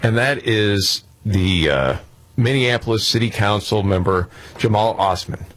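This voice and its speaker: A man co-hosting a talk radio show, joking around and firing off quick questions. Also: fairly low pitch, a bit bright. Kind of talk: casual talk radio banter.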